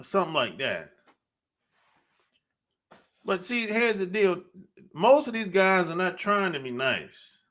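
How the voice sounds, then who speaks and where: Male podcast host, high lively voice, unhurried, blunt, laughs a lot. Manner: blunt, laughing often, drawn-out emphatic phrasing. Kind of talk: casual monologue.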